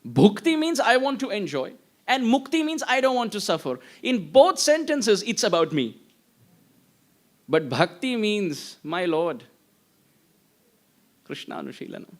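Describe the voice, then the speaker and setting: A man's voice: sits high, big pitch swings, moderate pace. A man giving a devotional lecture, telling stories with acted-out voices and chanting Sanskrit verses. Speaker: preacher.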